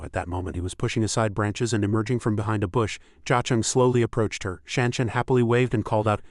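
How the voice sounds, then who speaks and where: A man narrating a fantasy romance story recap in a steady, scripted reading. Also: lowish voice, fast, few pauses, no room sound, clean studio sound.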